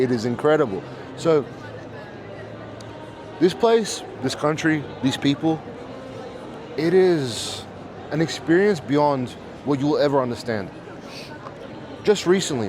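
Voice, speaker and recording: Excited man vlogging through a crowd. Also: on the high side. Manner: enthusiastic, talks straight to viewers. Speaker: vlog host. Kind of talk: casual walk-around vlog. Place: busy art festival hall. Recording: crowd noise behind. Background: crowd chatter.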